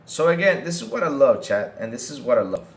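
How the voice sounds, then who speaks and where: A man's voice: medium pitch, expressive, a little fast, reverberant. A man hosting a livestream podcast, ranting heatedly to his chat and often repeating himself. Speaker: podcast host.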